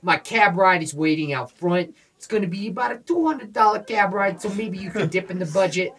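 A man's voice: high voice, brisk, fairly bright tone, distant mic, voice pushed up. A man putting on a brash New York fan. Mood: breezy. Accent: put-on New York accent. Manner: boastful, indignant, conspiratorial rant. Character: brash loudmouth male New York baseball fan caller.

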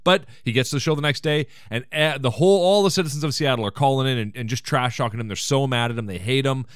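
A man's voice: medium pitch, fast talker, clean tone, no room sound, studio quality. A man hosting a casual comedy podcast, recapping an episode with rambling, sarcastic asides. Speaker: podcast host.

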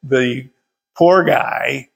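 A man's voice: mid-range voice, extremely slow, vocal fry. An older man leading a casual Bible study from his workshop, folksy and chuckling as he tells stories.

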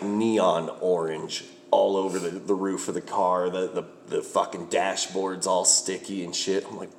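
Low-voiced man telling a profane story. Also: slight background noise. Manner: profane, laughing, acts out quotes. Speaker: comedian. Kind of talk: casual storytelling chat.

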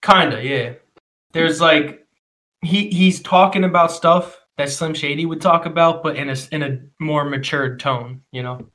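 A man's voice: fairly high pitch, a little slow, bright, forceful tone. A man chatting casually as a podcast co-host, laid-back and teasing his friend, laughing often. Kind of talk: casual chat.

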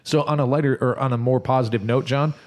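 A man's voice: mid-range voice, fairly even intonation, fast talker, darkish tone. A man co-hosting a podcast, talking in casual, laid-back, profane banter. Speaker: podcast co-host. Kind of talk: casual chat.

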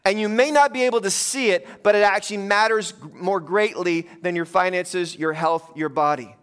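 A man's voice: high-pitched, moderate pace, a bit bright, clean tone. A man preaching a conversational sermon, telling funny stories to his congregation. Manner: conversational, joking storyteller. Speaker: pastor.

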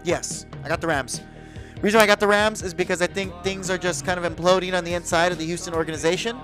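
Animated man arguing football picks. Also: high voice, fast talker, faint music behind, low-quality recording. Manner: animated, swears, argues picks. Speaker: podcast co-host. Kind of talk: casual sports chat.

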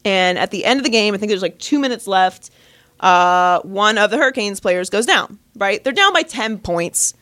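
A woman co-hosting a sports podcast, telling a story in casual chat with loud, animated exclamations. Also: medium pitch, normal speed, no echo. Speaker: podcast co-host.

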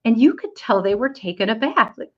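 A woman's voice: fairly high pitch, animated, brisk, highs cut off. A middle-aged woman giving an inspirational storytelling talk to an online audience, candid and self-deprecating.

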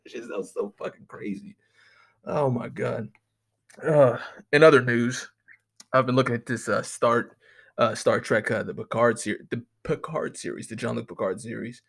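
A man's voice: mid-range voice, steady tone, normal speed, vocal fry, slightly rough. A young man talking casually to the camera in a rambling, profane monologue, often laughing. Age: young adult. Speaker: vlogger.

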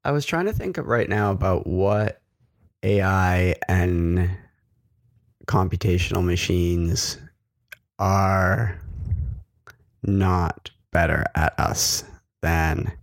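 A man's voice: sits low, slow pace, pauses often, dry recording, clean studio sound. A man co-hosting a casual tech podcast, joking and rambling through restarts. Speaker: podcast co-host. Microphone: large studio microphone.

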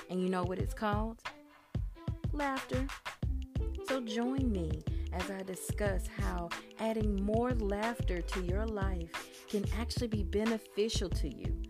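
A woman hosting her own podcast, talking in an earnest, chatty and encouraging way. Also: mid-range voice. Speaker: podcast host. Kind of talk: casual solo podcast talk.

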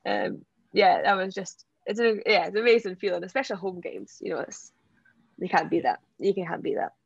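A young Scottish woman from the Borders, telling an animated story as an interview guest, laughing often and acting out what people said. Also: medium pitch, fairly quick, creaky, husky, dry recording, dull audio. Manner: excitable, laughs often, acts out quotes. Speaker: athlete guest.

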